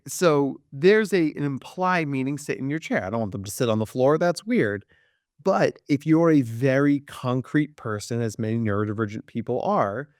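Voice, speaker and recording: A man, a clinical psychologist, talking in a podcast interview and acting out quoted people with big jumps in pitch. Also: no echo, studio quality.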